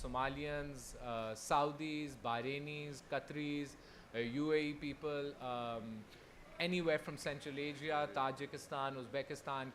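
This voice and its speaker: A young man from Pakistan telling his own story on a festival stage, earnest and halting, with many restarts. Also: mid-range voice, a bit bright, a little hiss or hum. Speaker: festival speaker. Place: festival hall.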